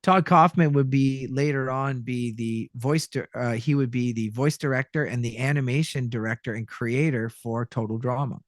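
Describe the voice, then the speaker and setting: A man's voice: mid-range voice, moderate pace, few pauses, no room sound, clean studio sound. A middle-aged man from Canada, a voice actor telling stories in a casual interview and acting out the voices and lines he quotes. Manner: animated storyteller who acts out voices and quotes. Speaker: guest voice actor.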